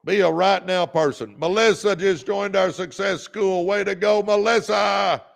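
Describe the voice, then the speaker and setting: A podcast host with a high, gravelly voice speaks unhurriedly and in a fairly even tone. He runs a motivational livestream, firing up viewers like a revved-up preacher and calling them out by name.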